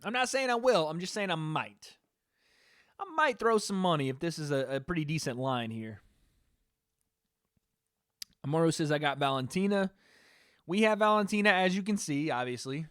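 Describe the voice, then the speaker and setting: A man with a high voice hosts a live stream, giving casual, rambling reaction commentary. He talks loosely to his chat and swears now and then. The sound is dry and close. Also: normal speed, long pauses, dry recording. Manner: relaxed, rambling, profane, talking to chat.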